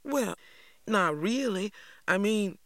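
A man's voice: sits high, lively intonation, takes it slowly, fairly bright tone, no room sound, studio quality, pitched above the performer's own voice, full character voice. A man doing an earnest boy. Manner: earnest, questioning. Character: earnest thoughtful Southern boy.

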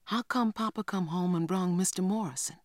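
A man's voice: high-pitched, fairly quick, no room sound, studio quality, pitched above the performer's own voice, natural voice. A man voicing a spirited, outspoken young Southern girl in a storybook reading, asking questions insistently. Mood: curious.

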